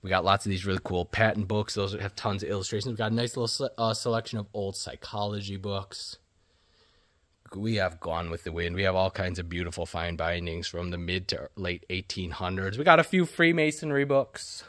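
Man, low voice, dry close sound, bookstore owner giving a brisk walking tour, lists titles nonstop. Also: fairly bright tone, no room sound. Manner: rapid listing, hums filler tunes. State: out of breath.

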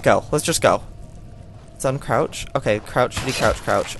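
A man's voice: medium pitch, animated, normal speed, faint music behind. A young man in his twenties hosting a horror game let's play, talking to himself in a jittery, frightened way. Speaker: gaming channel host.

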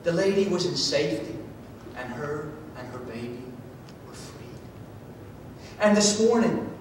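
A man from Georgia preaching a sermon, telling a story with drama, swinging from loud to hushed. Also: lively intonation, unhurried. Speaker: pastor. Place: church sanctuary. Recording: echoey church hall from far off, faint rumble.

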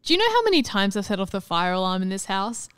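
A woman's voice: medium pitch, big pitch swings, quick pace, fairly bright tone, clean tone, no echo, clean studio sound. A woman co-hosting a game stream, chatting casually, laughing often and swearing freely. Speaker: streamer co-host. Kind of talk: casual chat over gameplay.

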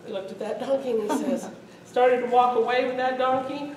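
A woman storyteller telling a folk tale to a live audience, lively and often laughing as she acts it out, in a festival hall. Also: on the high side, fairly quick. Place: event hall at a medieval arts festival. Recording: echoey hall from far off.

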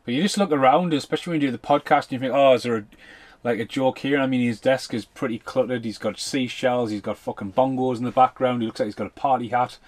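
Mid-pitched man co-host, loose rambling film commentary. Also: quick pace, hardly any pauses. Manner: rambling, loose, swears casually. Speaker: podcast co-host. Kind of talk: casual film commentary chat.

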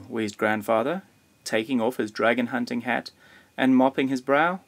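A man of ordinary, mid-range pitch reads a children's picture book aloud. His storytelling is gentle and measured, moving steadily through the narration. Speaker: storybook reader.

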